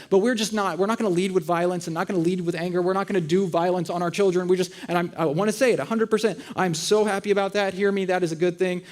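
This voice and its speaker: A man in his thirties preaching a conversational sermon, telling funny family stories and acting out voices. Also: high voice. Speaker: pastor. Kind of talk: sermon with storytelling. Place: church auditorium.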